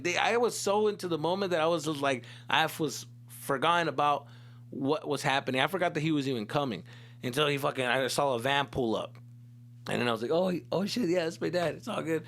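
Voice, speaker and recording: A man's voice: fairly high pitch, fairly bright tone. A man from Tucson, Arizona, hosting a podcast and telling a comic story in a casual, swearing, slangy way with Spanish mixed in. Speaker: comedian host.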